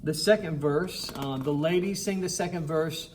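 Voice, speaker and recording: A man teaching a choir its parts, singing the lines, counting in and talking in a relaxed, encouraging way over loud piano. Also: a little high, moderate pace, noisy background. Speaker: choir director. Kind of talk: choir rehearsal tutorial. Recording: piano music loud behind him.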